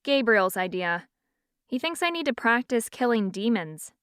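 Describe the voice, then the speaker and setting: Narrator lady doing a fiery young witch, a bit higher, defiant, smooth dry voice. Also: sing-song, normal speed, a bit bright, dry recording. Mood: weary. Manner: indignant, spluttering. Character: hot-tempered young witch, indignant and defiant.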